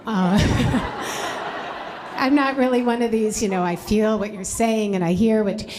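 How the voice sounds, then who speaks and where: A woman's voice: mid-range voice, slow pace, a little mellow, slight background noise. A woman in her fifties telling a personal story to a live library audience, chatty and full of fillers and restarts. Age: 50s. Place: library event before an audience.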